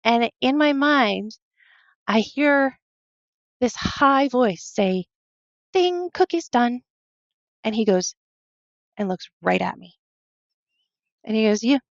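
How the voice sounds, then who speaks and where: Woman, podcast guest, emotional personal storytelling, halting, earnest, dry close sound, slightly muffled. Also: fairly high pitch, vocal fry, no echo. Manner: earnest, halting, with many fillers and quoted self-talk.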